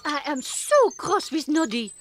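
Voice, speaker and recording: A woman's voice: high voice, big pitch swings, unhurried, faint music behind. A woman voicing a fussy, impatient cat lady in a cartoon. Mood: cross. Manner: fussy, bossy. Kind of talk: cartoon voice acting.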